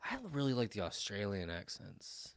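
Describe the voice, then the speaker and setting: A man's voice: fairly low pitch, expressive, normal speed, creaky, dry recording, clean studio sound. A man co-hosting a podcast, bantering casually with crude jokes. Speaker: podcast co-host. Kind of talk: casual chat.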